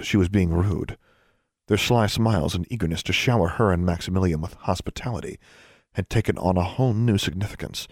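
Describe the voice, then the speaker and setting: A man narrating a story in a steady, measured way. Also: deep voice, no echo, clean studio sound. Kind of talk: audiobook narration.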